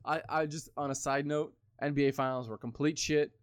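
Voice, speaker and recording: A man's voice: fairly high pitch, fairly even intonation, brisk, smooth, dry recording, clean studio sound. A man in his twenties talking casually, rambling with lots of swearing and filler words. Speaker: podcast co-host. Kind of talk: casual chat.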